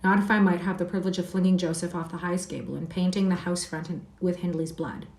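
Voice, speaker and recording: Heathcliff, a fierce, scornful boy, read by a woman in a low voice, tells his wild tale. The sound is roomy and picked up from some distance away. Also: fairly even intonation, quick pace, a little mellow, slight background noise, close to an everyday voice.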